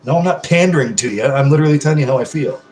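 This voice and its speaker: A slightly high, slightly mellow male voice races along, captured in a rough, reverberant recording. He's on a live stream, sipping beer and answering comments in casual chat, effusive and rambling, swearing nonstop.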